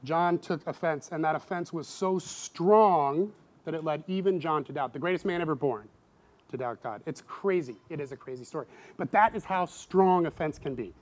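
A middle-aged man preaching a sermon in a lively way, acting out voices with sudden loud outbursts. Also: normal speed. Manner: animated, acts out quoted voices with big pitch jumps. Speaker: pastor.

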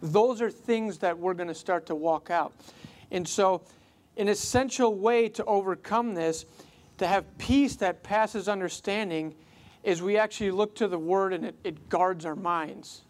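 Brief: earnest pastor preaching a sermon, mid-pitched, conversational, casual fillers. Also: a little slow.

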